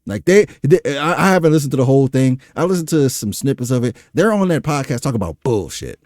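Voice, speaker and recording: A man's voice: mid-range voice, expressive, quick pace, a little mellow, no echo, clean studio sound. A man in his thirties hosting a solo podcast, giving emphatic, opinionated commentary with frequent fillers. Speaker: podcast host.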